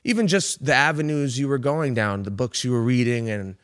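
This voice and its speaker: Halting, reflective man in casual talk. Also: mid-range voice, a bit bright, no echo, clean studio sound. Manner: halting, searching for words, swears casually.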